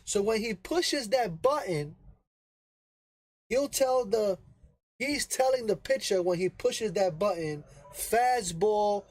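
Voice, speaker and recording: High-voiced man chatting about baseball. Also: expressive, takes it slowly, long pauses, no echo, poor audio. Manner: rambling, explains with frequent "right?" tag questions; repeats himself for emphasis. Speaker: baseball podcast host. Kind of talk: casual sports talk.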